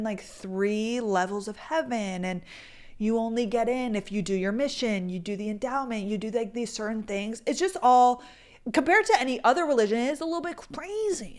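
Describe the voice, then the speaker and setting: A young woman in her twenties hosting a podcast, telling a story in a chatty, animated, self-deprecating way. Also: a little high. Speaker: podcast host. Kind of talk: casual storytelling chat.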